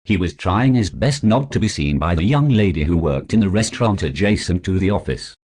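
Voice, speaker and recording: A man's voice: low-pitched, animated, brisk, darkish tone. A man narrating his own story in a formal, stiff storybook manner. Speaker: author narrator.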